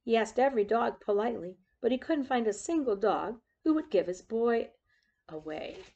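Gravelly-voiced woman reading a picture book. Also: fairly high pitch, moderate pace, lo-fi sound. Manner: expressive, shows pictures as she reads. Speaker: storyteller.

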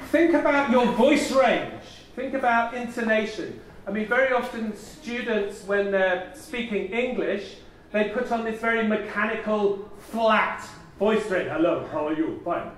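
A man leading a conference audience through an energetic voice warm-up, coaxing and theatrical, laughing often. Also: very high-pitched, unhurried, a little hiss or hum. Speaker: plenary speaker leading a voice warm-up. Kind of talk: leading a group vocal exercise at a conference. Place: large conference hall. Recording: very echoey hall, mic far off.

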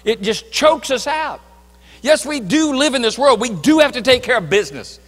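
Pastor guy preaching, high voice, bright and sharp, big echoey church. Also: animated, normal speed. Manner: emphatic preaching, swinging from loud to hushed. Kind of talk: sermon. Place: church sanctuary.

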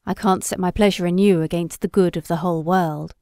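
Woman voicing a pleading young Victorian gentleman. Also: lowish voice, fairly even intonation, brisk, no echo, studio quality, pitched below the performer's own voice, close to an everyday voice. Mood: earnest pleading.

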